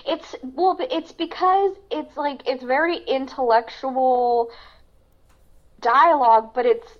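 A woman's voice: high voice, takes it slowly. Chatty woman on lo-fi audio. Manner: chatty, many fillers and restarts. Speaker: podcast co-host. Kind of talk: casual film discussion. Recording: dull lo-fi sound.

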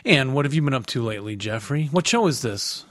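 A man's voice: mid-range voice, animated, fast, fairly bright tone, dry recording, studio quality. A man co-hosting a podcast, joking around and doing hammy announcer-style intros in casual banter. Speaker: podcast co-host.

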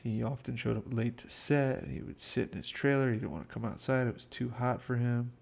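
A man's voice: medium pitch, steady tone, a little fast, gravelly, a little mellow. A man casually telling behind-the-scenes film anecdotes in a chatty way, acting out quotes. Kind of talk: casual storytelling commentary.

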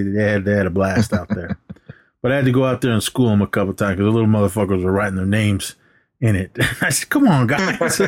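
Animated man retelling movie scenes. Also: medium pitch. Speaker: podcast co-host. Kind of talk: casual movie chat.

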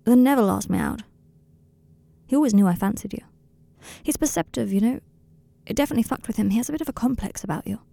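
A woman's voice: fairly high pitch, quick pace, gravelly, no echo. Woman reading as a tender young wizard man. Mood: confiding. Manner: softly confiding, a little rambling. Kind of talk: audiobook reading of a fan story.

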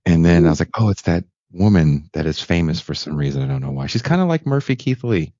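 A man hosting a podcast, chatting casually and telling animated, joking stories. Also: deep voice, fast, no room sound. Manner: animated, laughing, storytelling. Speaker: podcast host. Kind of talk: casual chat. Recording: dull lo-fi sound.

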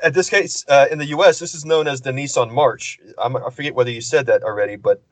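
An easygoing man co-hosting a podcast, with a middle-pitched voice and a relaxed manner. He leans on fillers as he chats, recorded close and dry. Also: fast talker, no room sound. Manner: easygoing, relaxed, many fillers like "uh" and "you know". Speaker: podcast co-host. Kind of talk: casual chat.

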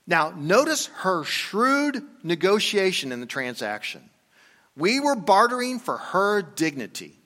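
An older man preaching a conversational sermon, telling a story and dropping into quiet asides. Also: sits high, wildly swooping pitch, unhurried. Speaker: pastor. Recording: long reverb from a hall.

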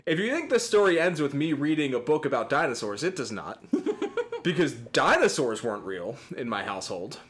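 Lively, dry-humored man podcasting. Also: mid-range voice, brisk. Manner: laid-back, dry teasing, swears freely. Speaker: podcast co-host. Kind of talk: casual chat.

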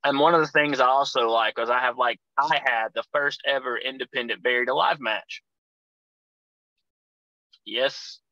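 A man, a wrestler guest telling profane, animated stories and acting out his own shouting. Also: mid-range voice, normal speed, long pauses, dry recording, lo-fi sound. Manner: profane, animated storyteller, acts out shouting in quotes. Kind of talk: casual storytelling chat.

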